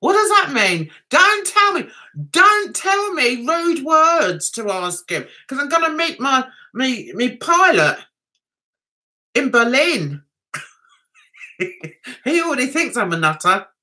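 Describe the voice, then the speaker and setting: A woman hosts a relaxed livestream chat, laughing often as she answers her viewers. Her voice is bright and high, and she talks at an unhurried pace. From England. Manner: giggly, chatty, reads viewer comments aloud and answers them. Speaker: livestream host.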